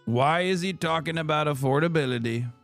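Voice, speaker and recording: Man doing a boastful politician voice, raised pitch, louder, repetitive punchy phrases. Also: fairly quick, creaky, faint music behind. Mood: mocking.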